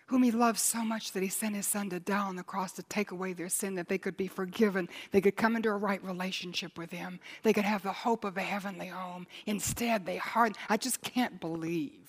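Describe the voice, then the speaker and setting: A woman preaching a sermon, moving between hushed near-whispers and loud, emphatic passages. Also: medium pitch, steady tone, brisk, hardly any pauses.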